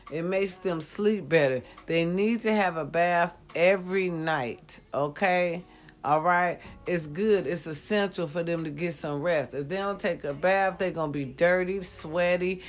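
Low-voiced woman, under the weather, blunt and profane, faint music behind. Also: a little slow. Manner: blunt, preachy, swears freely, says y'all often. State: sick, lying down. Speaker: vlogger. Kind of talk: casual talk to viewers.

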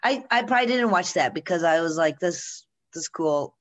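A woman's voice: on the low side, expressive, normal speed. A woman co-hosting a casual chat, sharing strong opinions in a loose, rambling flow full of asides.

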